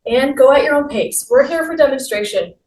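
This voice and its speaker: Moving through a guided exercise class, a woman instructor delivers brisk, upbeat, encouraging cues in a high-sitting voice with a darkish tone. The mic is distant and roomy, with faint noise.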